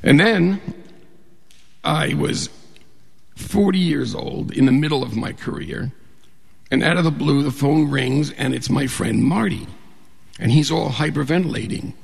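Creaky, husky middle-aged storyteller. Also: male voice, a little high, a little slow, long pauses. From New York State. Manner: humorous, conversational, chuckles at his own jokes. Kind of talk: live personal storytelling. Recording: long hall reverb.

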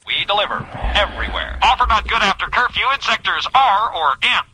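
A man playing a cheery male TV pitchman with ad-announcer patter on a comedy record. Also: lively intonation, a little fast, bright, forceful tone, slight background noise, full character voice, poor audio. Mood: salesy.

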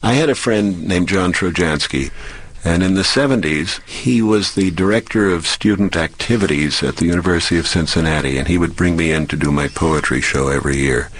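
Older man, very deep voice, relaxed anecdotes, ex-DJ. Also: a little fast. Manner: relaxed storytelling. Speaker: former DJ interviewee. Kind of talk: anecdotal interview.

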